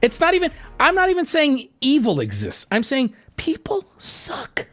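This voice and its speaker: A man streaming live, ranting casually to his chat with animated swings between mock outrage and joking. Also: extremely high pitch, moderate pace, soft background music.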